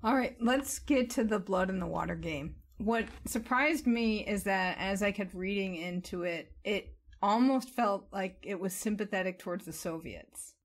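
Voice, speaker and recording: A woman's voice: mid-range voice, moderate pace, few pauses. A woman co-hosting a podcast who asks a guest questions in a conversational, inquisitive way. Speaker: podcast co-host. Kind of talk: casual interview question.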